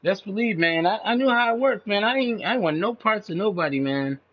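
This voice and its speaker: High-voiced man venting, dull lo-fi sound. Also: animated, fairly quick. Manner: rambling and profane, says "man" often; agitated, pitch leaps up when indignant. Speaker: channel host. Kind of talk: casual venting monologue. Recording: dull lo-fi recording.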